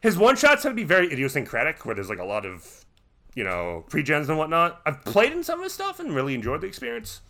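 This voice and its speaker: Animated, bright-voiced male podcast host. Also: fairly high pitch, quick pace. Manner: rambling, profane, many restarts. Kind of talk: casual podcast chat.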